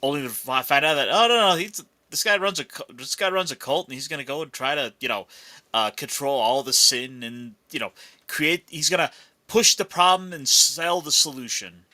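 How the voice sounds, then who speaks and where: A man's voice: on the high side, moderate pace, pushed and bright. A man co-hosting a casual film podcast, analyzing characters with enthusiasm. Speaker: podcast co-host.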